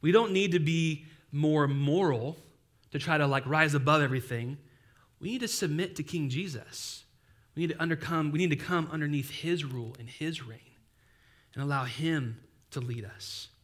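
Casual, lively young male pastor. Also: on the high side, moderate pace. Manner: casual, animated preaching with playful asides. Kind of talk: sermon.

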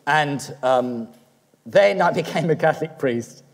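A man's voice: a little high, expressive, a little slow, creaky. A middle-aged Australian-born man, a priest, preaching a sermon in a chatty, joking way to his congregation. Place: church. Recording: long church reverb.

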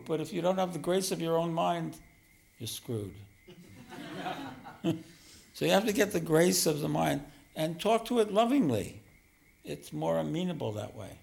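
A man giving a spiritual teaching talk as a meditation teacher, gentle and self-deprecating, often chuckling. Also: a little high, animated, normal speed, gravelly, pauses often.

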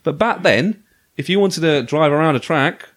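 A man talking casually and with enthusiasm about retro games. His pitch swings up and down a lot as he restarts his sentences. The sound is dry and close, with little room behind it. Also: expressive, moderate pace, a bit bright, dry recording. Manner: enthusiastic, chatty, with frequent restarts. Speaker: podcast host.

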